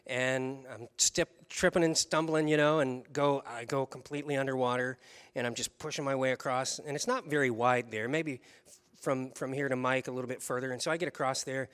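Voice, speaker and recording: A man giving a sermon as a pastor, telling a personal story with animated delivery and chuckles along the way. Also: mid-range voice, brisk, few pauses, clean tone.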